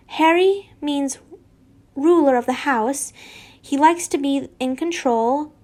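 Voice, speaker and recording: A woman's voice: high-pitched, slow, darkish tone. A woman reading an earnest lovestruck young wizard. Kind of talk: reading fan fiction aloud.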